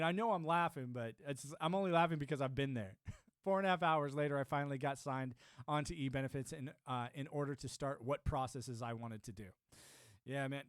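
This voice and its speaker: A man's voice: a little high, dry recording, studio quality. A man from Arizona chatting casually on a livestream, rambling and talking to his viewers. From Arizona, United States. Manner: rambling, chatty, greets chat viewers by name. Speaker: livestream host.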